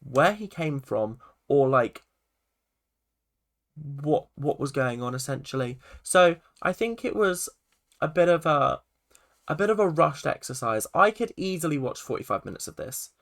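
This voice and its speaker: A man's voice: on the high side, animated, a little slow, creaky, a bit bright. A young man casually reviewing a TV episode, rambling with lots of "like" and restarts. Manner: rambling, full of "like" and self-corrections. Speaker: film and TV reviewer.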